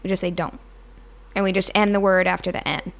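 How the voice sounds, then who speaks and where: A woman's voice: fairly low pitch, steady tone, brisk, gravelly. A young woman guesting on a podcast, chatting casually with dry, matter-of-fact humor. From North Country, New York. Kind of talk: casual chat.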